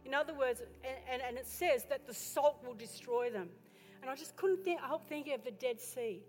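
High-voiced woman preaching in an echoey hall. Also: moderate pace. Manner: impassioned, builds to loud exhortation; chatty asides and questions to the congregation. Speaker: pastor. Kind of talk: sermon. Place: church. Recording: echoey hall with faint music.

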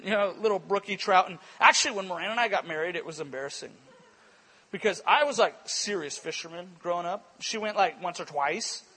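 At a church conference hall, a man delivers an energetic sermon with stories, his voice high, bright and a little husky. He's brisk, sharp and forceful, never flat, acting out what people said and laughing often as he tells his animated stories.

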